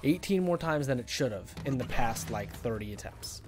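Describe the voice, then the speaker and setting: A man's voice: mid-range voice, animated, moderate pace. A man streaming a platform game live, ranting and swearing in frustration, his voice jumping up in disbelief. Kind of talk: live gameplay commentary.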